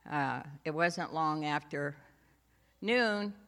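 A woman's voice: deep voice, slow pace, fairly bright tone. A woman sharing a personal faith testimony at church in a homey storytelling way, laughing now and then and adding asides. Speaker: church speaker giving a testimony. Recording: long hall reverb.

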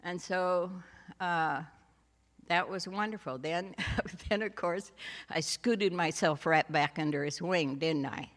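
A woman's voice: fairly low pitch, slow. A woman sharing a personal faith testimony at church in a homey storytelling way, laughing now and then and adding asides. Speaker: church speaker giving a testimony. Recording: long hall reverb.

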